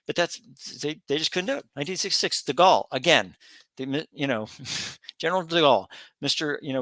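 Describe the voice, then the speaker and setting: Middle-aged male commentary host, emphatic, folksy, slightly high, bright and forceful, dry close sound. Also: animated, brisk, dry recording. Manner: emphatic, repetitive, folksy asides. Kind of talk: casual opinion monologue.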